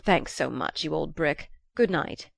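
A woman's voice: sits low, measured pace, vocal fry, no echo, heavily acted. A woman reading aloud who voices a breezy society man, hearty and offhand. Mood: chummy.

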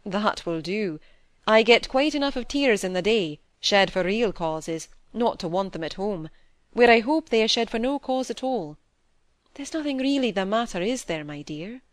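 A woman reading the part of a kind, worried middle-aged male doctor speaking to his daughter, gentle and reassuring. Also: mid-range voice, animated, moderate pace, no echo, lightly acted. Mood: tender. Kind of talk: audiobook character reading.

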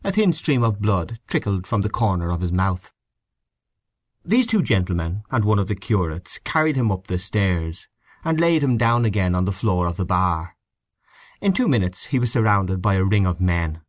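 A man giving a measured, expressive reading of a short story as its narrator. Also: deep voice, no echo. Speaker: audiobook narrator.

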